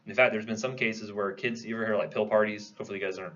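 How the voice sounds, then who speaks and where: A man's voice: fairly low pitch, fairly even intonation, racing, a bit bright, highs cut off. A man giving a classroom lecture in a conversational way, posing questions to the class and answering them himself. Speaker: pharmacology lecturer.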